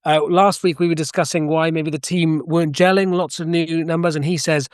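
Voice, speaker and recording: A man hosting a casual football podcast, brisk and jokey as he moves the show along. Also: a little high, fairly even intonation, no echo, clean studio sound. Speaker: podcast host. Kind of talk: casual chat.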